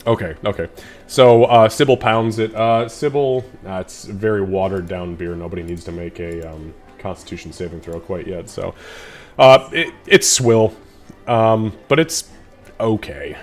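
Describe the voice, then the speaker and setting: A man's voice: on the low side, unhurried, faint music behind. A man narrating a tabletop game as game master, casual and rambling with many fillers.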